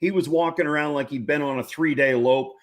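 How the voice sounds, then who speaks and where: A man's voice: a little high, brisk. Guy telling a ranch story on an interview show, folksy and jokey. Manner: folksy, jokey, laughs often. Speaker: guest, founder of a veterans' horse ranch.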